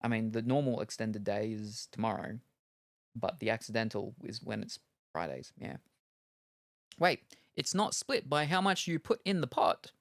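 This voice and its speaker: A man's voice: on the low side, lively intonation, normal speed, no room sound, clean studio sound. A man streaming games, chatting casually in a rambling, self-deprecating way with lots of ums. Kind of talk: casual chat while gaming.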